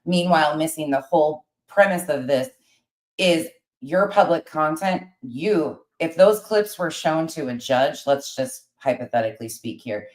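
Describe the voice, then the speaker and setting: A woman with a very low voice delivers sarcastic, scolding commentary. The sound is roomy and echoey. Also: animated, unhurried, a little mellow. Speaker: commentary creator. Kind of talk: critical commentary over a stream.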